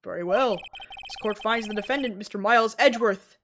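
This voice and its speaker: A woman's voice: medium pitch, fairly quick, lightly acted. A woman voicing a stern older male judge in a courtroom game read-along, formal and commanding.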